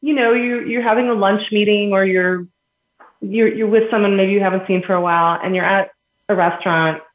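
A woman's voice: medium pitch, steady tone, brisk. A woman guest in a podcast interview, explaining earnestly with everyday examples and laughing between points. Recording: echoey phone-quality line.

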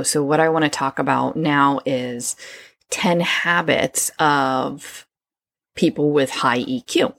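Low gravelly-voiced woman podcaster. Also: no room sound. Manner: conversational, many fillers and restarts. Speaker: podcast host. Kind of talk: solo podcast talk.

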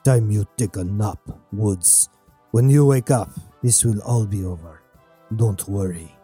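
A man's voice: lowish voice, a little slow, mellow, breathy edge, faint music behind. A man doing a grim vengeful husband. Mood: soothing. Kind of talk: audiobook narration.

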